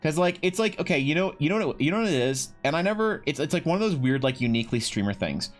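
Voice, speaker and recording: A man's voice: fairly high pitch, very animated, quick pace, faint music behind. A man streaming and chatting casually, rambling and swearing with lots of restarts. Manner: rambling and profane, many restarts. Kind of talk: casual chat while drawing on stream.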